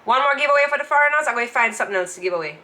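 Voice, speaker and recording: Jamaican woman, live stream host, bright tone, slightly high voice, playful chatter. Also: lively intonation. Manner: playful, teasing, quick to laugh. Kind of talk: casual chat with giveaways.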